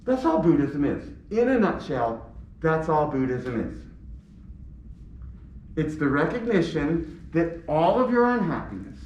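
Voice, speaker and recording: Man lecturing in an echoey room. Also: fairly high pitch. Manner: asks questions and answers them himself. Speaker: teacher. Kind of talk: classroom lecture. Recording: echoey room, distant mic, dull sound.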